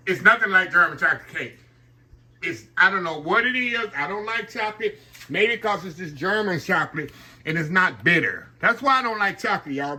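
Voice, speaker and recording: Working in his kitchen, this older home cooking channel host keeps up a folksy, casual chat with his viewers. His voice is high and bright, delivered with a forceful tone.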